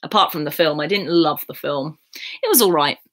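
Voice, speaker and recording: A young woman from England, streaming from bed at home, reads out viewer questions and answers them with easy laughter in a casual chat. She speaks briskly in a low, expressive voice with a bit of brightness.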